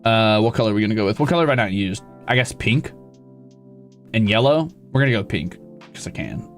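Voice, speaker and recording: Excitable, swearing male streamer. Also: fairly low pitch, quick pace, faint music behind. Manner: excitable, profane, jumps into loud outbursts. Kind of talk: casual live-stream chat.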